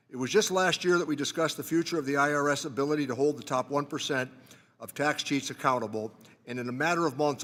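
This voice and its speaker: A man of middling pitch delivers a measured, formal opening statement as ranking committee member. He reads from prepared remarks at a desk microphone. A long reverb from the large hearing room trails his words. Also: fairly bright tone.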